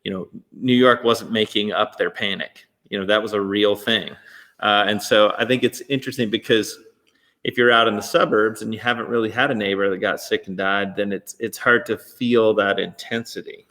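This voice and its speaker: A man's voice: lowish voice, steady tone, moderate pace, a bit bright, big-room sound. A man from Texas hosting an interview, rambling and correcting himself as he chats. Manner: rambling, self-correcting, chatty. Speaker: host. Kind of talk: casual interview chat.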